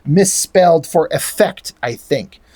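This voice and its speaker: A confused young woman lost in time, speaking quietly and hesitantly , as a man reads her out. Her lines come soft and a little unsure, in a lowered voice. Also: animated, takes it slowly, no room sound.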